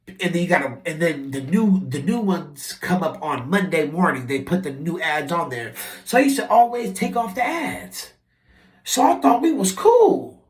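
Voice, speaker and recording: A man telling a story from his old job in a casual, animated and profane way, acting out what people said. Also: a little high, reverberant. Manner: animated, profane, acts out quotes with shifting voice. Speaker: vlogger telling a work story.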